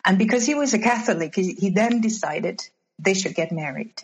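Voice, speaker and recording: A woman in her fifties, interviewed as a guest, shares her personal story in an earnest, reflective way, often saying um and restarting sentences. Her medium-pitched voice is animated and fairly quick, and the recording has a dull, lo-fi quality.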